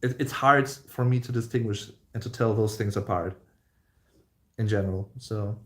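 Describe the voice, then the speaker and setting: At normal speed and in a lowish voice, a German-accented host runs a relaxed livestream Q&A. English is his second language, and he rambles, using many fillers and starting over often.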